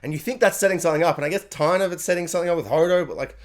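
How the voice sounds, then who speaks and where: Excitable man reviewing anime. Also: rapid-fire. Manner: animated, acts out character lines with sudden high yelps.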